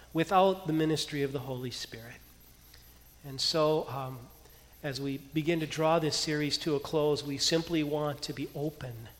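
A man preaching a sermon as pastor, telling a story with lively energy and quieting into soft prayer. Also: fairly high pitch. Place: church hall. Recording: long hall reverb.

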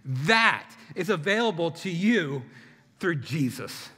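Impassioned high-voiced male preacher. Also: very animated, slow pace, noisy background. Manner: impassioned, rhythmic repetition. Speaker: pastor. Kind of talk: sermon. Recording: long hall reverb.

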